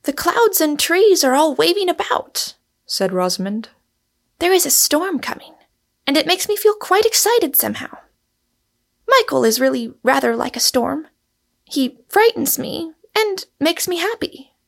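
Woman reading as a breathless young lady, high and excited, gravelly edge, sometimes a bit off-mic. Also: unhurried, heavily acted. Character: eager innocent young woman.

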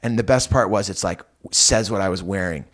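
A middle-aged comedian telling a story in casual chat, acting out the voices of the people in it. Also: male voice, low voice, fairly quick. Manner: animated storyteller, acts out voices of others. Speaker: comedian guest.

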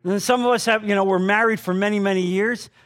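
Male preacher with a higher voice, storytelling sermon delivery, dynamic from hushed to loud. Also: steady tone, fast talker. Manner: confessional storytelling, swinging between loud and hushed.

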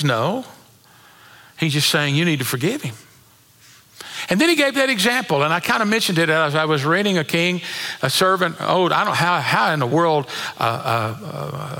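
A man's voice: a little high, bright, forceful tone, big-room sound. A man preaching a sermon, reading scripture aloud and building emphasis on key words. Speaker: pastor.

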